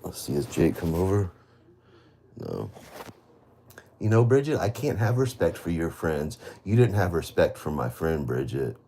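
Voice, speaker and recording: A man with a somewhat low voice rants bitterly on a live stream, hammering the same accusations over and over and swearing heavily. His speech rambles, with frequent restarts and trailing half-sentences. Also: very animated, measured pace, pauses often, dark tone, slight background noise. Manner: bitter, accusing, repeats himself. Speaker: livestreamer. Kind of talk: live stream rant to viewers.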